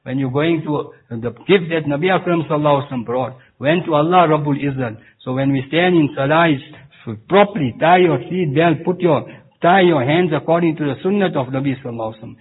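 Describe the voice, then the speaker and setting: Husky-voiced man preaching over a tinny line. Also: on the high side. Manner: halting, with many restarts and Arabic recitation. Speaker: Sufi preacher. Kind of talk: Islamic sermon. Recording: tinny phone-like recording.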